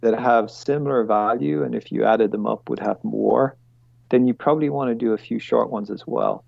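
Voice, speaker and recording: A man's voice: medium pitch, normal speed, gravelly, no room sound. A man acting as product owner who explains work planning to his team on a video call, talking bluntly, swearing freely and drifting into rants. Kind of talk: casual meeting explanation. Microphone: computer mic on a video call. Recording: dull lo-fi call audio.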